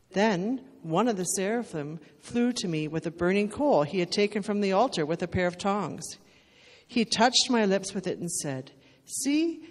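A woman reading scripture aloud in a measured, steady way during a church service. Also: fairly low pitch. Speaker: scripture reader. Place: church sanctuary. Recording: church hall reverb.

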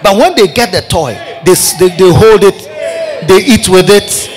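A high-pitched male preacher with a Ghanaian English accent, preaching with lively repetition and calling out to the congregation. His voice rings with long reverb through a large church hall, with a faint crowd around him. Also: unhurried. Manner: animated, repetitive, calls out to the congregation. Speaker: bishop, preacher. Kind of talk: sermon.

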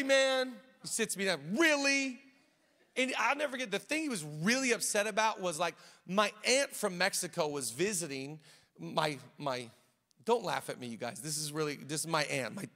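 High, bright-voiced animated preacher man. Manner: animated storytelling preacher, acts out quoted voices. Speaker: pastor. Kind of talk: sermon. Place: large church auditorium. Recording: echoey church hall.

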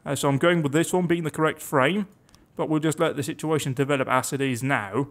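A man's voice: on the high side, a little fast. A young man giving casual, chatty commentary on a game, reading its text aloud with wry asides. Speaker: let's play gamer.

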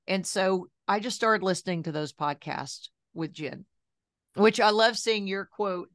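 A woman in her sixties, a journalist and health coach, telling her story in a chatty, lively interview style full of asides. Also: mid-range voice, measured pace, no room sound, studio quality. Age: 60s.

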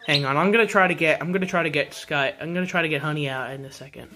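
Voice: medium pitch, racing, few pauses, pushed and bright. A pet vlogger at home by the birdcages, coaxing the birds in casual, sing-song baby talk.

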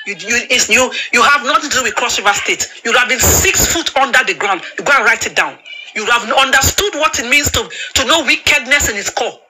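A woman rants at full fury on a live phone stream. Her voice is piercingly bright and cutting, and she trips over repeated words as she hurls insults. A faint hiss sits under the phone audio. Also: high voice, low-quality recording. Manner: furious, insulting, stammering repetitions. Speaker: panel speaker. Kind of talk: angry live-stream rant. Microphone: phone on a live video panel.

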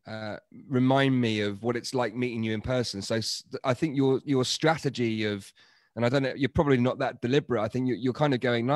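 A man hosts a livestream, teasing his guests and laughing easily. His voice sits at an average pitch and sounds dry and close, with no room echo. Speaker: host. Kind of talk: livestream interview.

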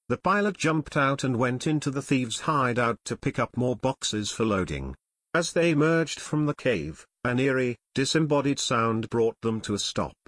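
A male audiobook narrator reads a novel aloud, his storytelling measured and steady. His pitch sits in the middle range. The recording is dry and close-miked, with no room sound at all.

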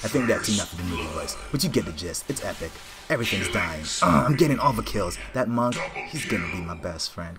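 A man hosting his own gaming channel, rambling through excited live commentary and trash-talking opponents as he plays. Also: lowish voice, a little fast, hardly any pauses, over loud music.

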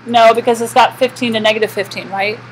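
Woman teacher, classroom lecture, slightly high voice, quizzes the class and answers herself. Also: steady tone, quick pace, a little hiss or hum, rough recording. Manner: asks the class questions and answers them herself. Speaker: math teacher.

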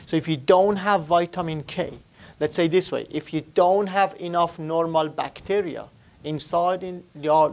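With a fairly high, gravelly voice, a man gives an anatomy lecture to a live class. He writes on the board as he questions students and repeats the key terms.

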